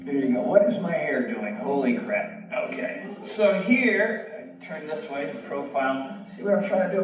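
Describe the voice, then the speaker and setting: A man leading a guided yoga session in a casual, encouraging and self-joking way. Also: fairly high pitch. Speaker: yoga instructor. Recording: echoey room, distant mic, soft music.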